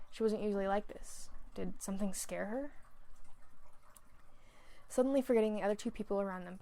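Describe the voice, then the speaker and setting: Young woman reading fan fiction; monotone, gravelly narration. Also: mid-range voice. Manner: flat reading with small slips.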